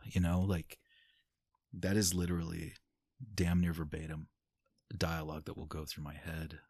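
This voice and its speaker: A man's voice: deep voice, completely flat delivery, normal speed, pauses often, a little mellow, husky, dry recording, clean studio sound. A man talking candidly in a casual podcast conversation, swearing freely and laughing often.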